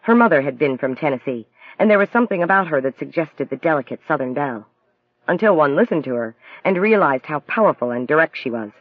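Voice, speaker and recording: Male audiobook narrator, measured and even, dry and slightly dull sound. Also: on the high side, no room sound.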